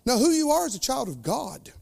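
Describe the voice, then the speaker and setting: A man preaching a sermon as pastor, with fervent delivery that swings between loud declarations and quiet, slowed asides. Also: very high voice, big pitch swings, gravelly, husky.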